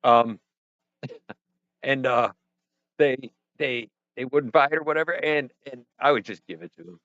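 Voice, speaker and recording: A man's voice: mid-range voice, unhurried, a bit bright, dry recording. Rambling man on a muffled livestream. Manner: rambling, self-deprecating, talks to chat and himself. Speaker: livestream host. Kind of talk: casual livestream chat. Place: home studio. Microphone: headset or desk mic with headphones. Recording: dull, muffled stream audio.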